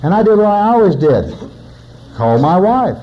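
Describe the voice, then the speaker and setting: A man's voice: sits high, big pitch swings, normal speed, highs cut off. A man in his forties, a recovering alcoholic, giving a personal testimony in a plainspoken storytelling manner with wry humor. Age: 40s.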